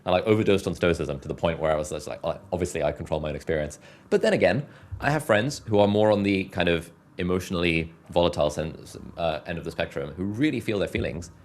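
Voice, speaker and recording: A man speaking as a podcast guest, reflective and measured in his answers. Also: sits low, very animated. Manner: thoughtful, measured, many "like" fillers. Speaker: guest, content creator. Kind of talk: reflective interview talk.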